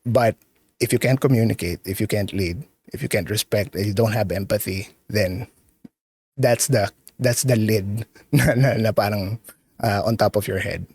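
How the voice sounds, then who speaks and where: A man from the Philippines with a Filipino accent, a podcast guest talking earnestly and haltingly, often repeating words as he goes. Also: lowish voice, darkish tone, slightly rough, dry recording. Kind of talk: casual interview chat.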